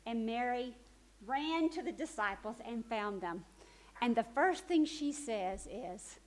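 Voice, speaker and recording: Woman preaching, kinda high voice, tells it all animated then goes real quiet and soft. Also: unhurried, poor audio. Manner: animated retelling that swings from urgent to hushed. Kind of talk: storytelling sermon.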